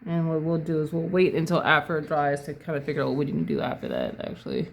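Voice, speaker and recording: A person calmly talking through a painting tutorial step by step, thinking aloud and correcting their own words as they go. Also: medium pitch, fast, vocal fry, slight background noise. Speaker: painting instructor.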